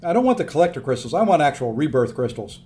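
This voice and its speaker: Upbeat man streaming a game, higher voice. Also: sing-song, fast talker, mellow, soft background music. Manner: upbeat, thanking viewers by name as he plays. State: tired. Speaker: live-streaming gamer. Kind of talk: casual live-stream chat.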